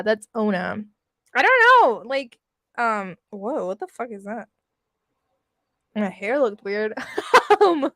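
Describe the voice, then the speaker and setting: A woman's voice: fairly high pitch, no echo, clean studio sound. A young woman chatting casually with her livestream audience, laughing often and swearing freely. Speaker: livestream host reading with chat. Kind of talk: casual chat.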